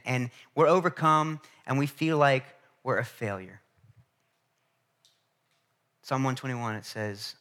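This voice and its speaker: A man preaching a sermon as pastor, talking conversationally with restarts and calling out to the congregation. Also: mid-range voice. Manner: animated, conversational, with frequent repetitions and restarts; calls to the congregation for response.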